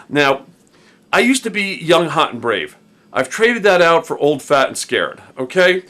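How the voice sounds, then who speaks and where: Middle-aged man, slangy storyteller, bright voice with a lot of pitch swing. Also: moderate pace. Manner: animated, slangy, peppered with "dude" and "man". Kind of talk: casual spoken storytelling.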